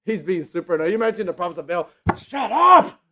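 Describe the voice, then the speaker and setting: A man preaching a sermon, animated and jokey, acting out quotes in mocking voices and laughing often. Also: high-pitched, very fast.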